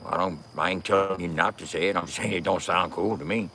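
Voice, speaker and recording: A man's voice: low voice, fairly even intonation, fairly quick, a bit bright, slight background noise. A man giving a casual, profane rant as a commentator, cursing and laughing often.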